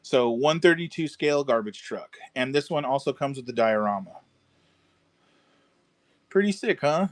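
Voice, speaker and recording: A man hosting a casual live stream from a car shop garage, selling model kits and chatting with viewers, relaxed and chatty, swearing now and then. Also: mid-range voice, normal speed, long pauses. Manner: laid-back, chatty, swears casually, calls viewers dude and bro.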